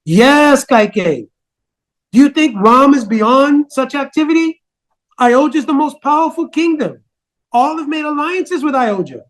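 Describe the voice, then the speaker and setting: A man putting on a scheming old nursemaid, manipulative and bitter, low insinuating scolding, high tone, storytelling epic. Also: animated, measured pace.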